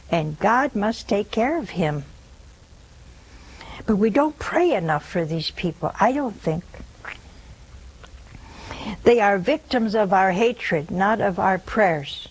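An older woman preaches slowly to her callers, earnest and unhurried. She leans on repeated phrases to drive a point home, keeping a steady, measured delivery. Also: mid-range voice, slightly rough, rough recording. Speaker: host of a religious call-in show.

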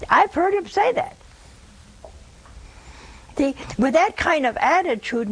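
Slow-spoken older woman preaching. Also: high-pitched, rough recording. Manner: earnest, repeats phrases for emphasis. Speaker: host of a religious call-in show. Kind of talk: preaching to callers.

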